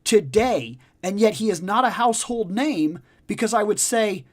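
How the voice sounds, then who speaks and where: A man's voice: high voice, expressive, moderate pace, few pauses. A man hosting a casual discussion chat, emphatic and profane, repeating his points for stress. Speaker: podcast host.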